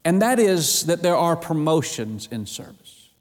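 Male preacher, slightly high voice, emphatic sermon delivery, long church-hall reverb. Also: sing-song, unhurried. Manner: emphatic, rhetorical questions to the congregation.

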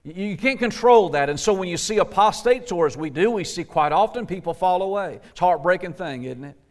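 A man pastor preaching a sermon, emphatic and folksy, pushing up on rhetorical questions and sinking soft at the ends of phrases. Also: high-pitched, lively intonation, a little fast. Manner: folksy, says "gotta" and "ain't".

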